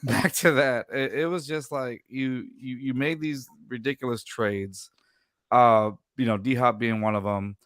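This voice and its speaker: A man's voice: medium pitch, fairly even intonation, a little slow, fairly bright tone, no echo, studio quality. A man hosting a casual sports podcast, rambling and restarting sentences, laughing often. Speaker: podcast host.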